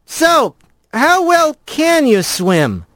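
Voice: sits high, sing-song, a bit bright, dry recording, pitched above the performer's own voice, full character voice. A storyteller voicing a blunt, practical male rat who is impatient and cocky in a radio story reading. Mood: brisk. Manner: blunt, quick and offhand. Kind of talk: audio drama reading.

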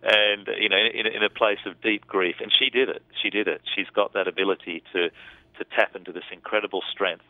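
Deep-voiced man on a phone line. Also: level tone, brisk, dry recording. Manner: thoughtful, rambling with restarts. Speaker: film director. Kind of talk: casual interview talk.

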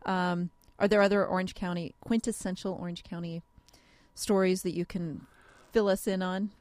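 A woman guest-hosting a radio interview, chatty and quick to laugh. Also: fairly low pitch, little pitch movement, a little mellow, no echo.

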